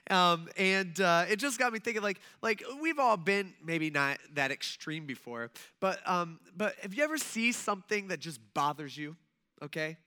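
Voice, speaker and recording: Bright, clear-voiced storytelling pastor. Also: male voice, high-pitched, animated, normal speed. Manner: chatty, filler-heavy, self-deprecating. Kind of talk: conversational sermon storytelling.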